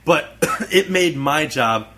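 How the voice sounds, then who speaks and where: A young man co-hosting a casual podcast, telling a story in a halting, rambling way. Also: fairly high pitch, lively intonation, bright, forceful tone. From United States. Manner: rambling, halting, restarts a lot. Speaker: podcast co-host. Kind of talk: casual chat.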